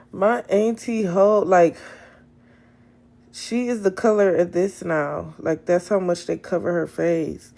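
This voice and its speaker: A young woman chatting to her viewers on a phone livestream, blunt and freely profane. Her voice is gravelly with a dark, mellow tone, and she takes her time between words. Her speaking voice sits on the low side. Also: fairly even intonation, slow pace. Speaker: livestream host. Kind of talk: casual livestream chat. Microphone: phone camera.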